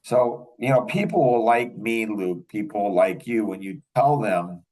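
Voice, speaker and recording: A man's voice: on the low side, animated, a little slow, a little mellow, recorded from a distance, rough recording. An older man hosting a podcast, telling rambling anecdotes in casual chat and chuckling often. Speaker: podcast host.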